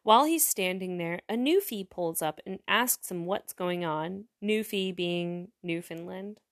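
A woman's voice: on the low side, unhurried. A woman casually telling jokes aloud and chatting about each one as she goes. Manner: chatty, reads jokes aloud and comments on them.

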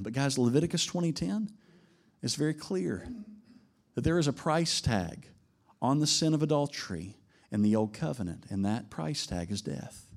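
A man preaching a sermon to his congregation in an animated way, climbing to emphatic peaks and slowing down for quoted lines. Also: mid-range voice, gravelly. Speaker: pastor.

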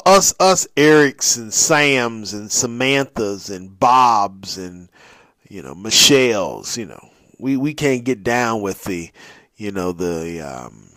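A man with a lowish voice hosting a casual solo podcast, talking in a loose, playful, rambling way. He often restarts his sentences and drifts between thoughts. The recording is dry and close, with almost no room sound. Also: sharp tone, dry recording. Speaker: podcast host.

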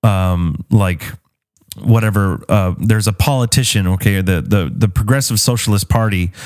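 A man in casual chat, telling a personal story with animated, dramatic swings in his voice. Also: on the low side, normal speed.

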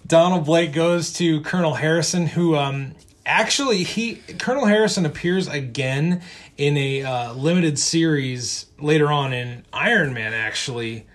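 Brief: male co-host with a fairly high voice, relaxed, rambling comic recap. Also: normal speed. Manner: rambling, many ums and restarts. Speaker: podcast co-host. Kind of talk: casual comic book recap.

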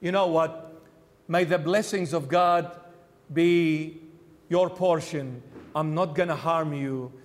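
Guy doing a soft low sorry big brother, church echo. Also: takes it slowly. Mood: remorseful. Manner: low, gentle, apologetic. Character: remorseful older brother, softened and sorry.

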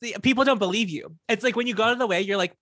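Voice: mid-range voice, rapid-fire, background noise. A podcast co-host in casual chat, emphatic and laughing often.

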